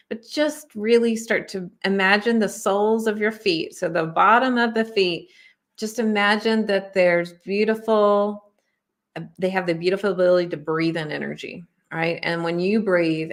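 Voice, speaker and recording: A woman's voice: lowish voice, a bit bright. Reassuring woman reading oracle cards. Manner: friendly, reassuring, conversational with many fillers. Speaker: intuitive oracle card reader and spiritual teacher. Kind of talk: casual oracle card reading to viewers.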